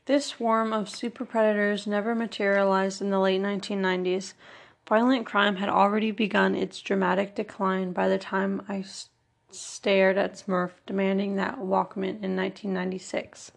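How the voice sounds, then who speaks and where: An audiobook narrator reads a first-person memoir in an ordinary middle-pitched female voice carrying a steady gravelly fry. Her delivery is earnest and measured, and she stresses each word in a list.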